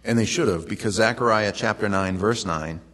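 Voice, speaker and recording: A man with a fairly low voice preaching to his congregation. He talks like he is telling a story to friends, casual and animated, with quick asides and questions to the room. A middle-aged pastor in an easy, unhurried sermon.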